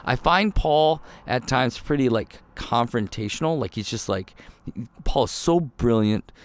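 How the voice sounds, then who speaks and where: A man preaching a sermon in a conversational, animated way, often voicing quick asides and quoted reactions. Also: medium pitch, smooth. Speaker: pastor.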